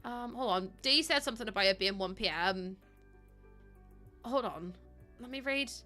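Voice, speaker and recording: Woman streamer, young, chatty and quick to laugh, bright slightly high voice, faint music behind. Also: animated. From Ireland. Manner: chatty, laughs often, talks to chat. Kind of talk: casual live-stream chat.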